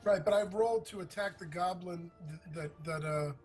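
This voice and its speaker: A man's voice: sits high, moderate pace, soft background music, low-quality recording. A man playing in an online tabletop game, hesitant and asking questions, with frequent restarts. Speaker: player. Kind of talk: casual chat during an online tabletop game.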